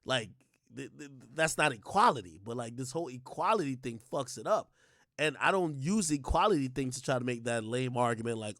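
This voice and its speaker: A man's voice: mid-range voice, big pitch swings, fairly quick, a bit bright, dry recording, studio quality. A man hosting a livestream, ranting in a heated, profane way and stumbling over filler words and restarts. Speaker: livestream host.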